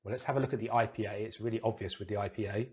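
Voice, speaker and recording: A man with a British English accent teaching pronunciation, saying example words slowly and repeating them with exaggerated sounds into a close microphone. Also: lowish voice, fairly even intonation.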